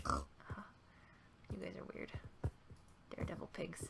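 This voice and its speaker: A woman's voice: fairly low pitch, huge pitch swings, brisk, gravelly, long pauses. A woman giving casual, playful commentary while playing a game and chatting to the animals on screen. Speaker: gaming video creator. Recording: noisy home recording.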